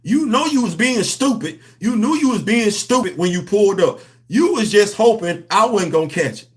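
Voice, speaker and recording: A man with hosting a comics livestream, talking to his chat in an animated, preachy, slangy way. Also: high voice, normal speed. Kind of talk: casual livestream commentary.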